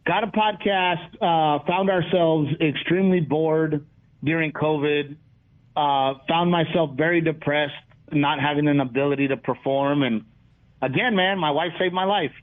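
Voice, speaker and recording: A man, a comedian guest in a casual interview, telling lively stories and acting out what people said. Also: on the high side, measured pace. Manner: animated storyteller, acts out quotes. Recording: tinny phone-like line.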